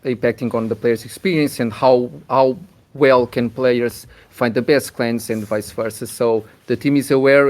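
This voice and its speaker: A man's voice: medium pitch, a little mellow. Hesitant man explaining at length. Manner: hesitant, many restarts while explaining at length. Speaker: community manager. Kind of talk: live community Q&A on a voice chat. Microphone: computer mic over online voice chat.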